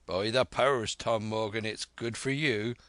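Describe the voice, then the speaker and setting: A man's voice: on the low side, steady tone, measured pace, fairly bright tone, no room sound. A man voicing a cunning one-legged old sea cook who blusters in salty sailor slang. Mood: blustering. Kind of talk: audiobook character reading.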